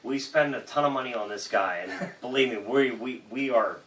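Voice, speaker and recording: A man's voice: mid-range voice, moderate pace, a bit bright, echoey room, recorded from a distance, slight background noise. A man hosting a comedy show, with loose, crude, rambling banter. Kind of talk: casual banter.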